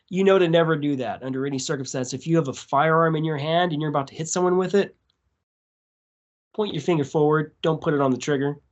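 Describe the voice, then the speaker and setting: A man guesting on a podcast, telling a story in a casual, profane, animated way. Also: on the high side, brisk, pauses often, dull audio. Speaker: tattoo artist.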